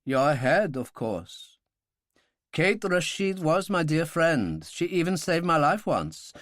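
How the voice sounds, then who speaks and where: A man voicing a suave, menacing baron with a deep, pleasant voice and a hint of a German accent. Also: big pitch swings, slow pace, a bit bright, no echo, studio quality, heavily acted. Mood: smooth menace. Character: older male baron, suave menacing villain.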